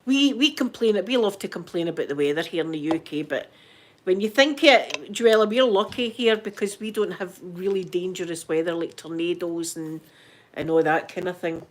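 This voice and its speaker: A woman's voice: on the low side, normal speed. A middle-aged Scottish woman hosting a live stream, chatting casually and greeting viewers by name. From Scotland. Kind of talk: casual chat.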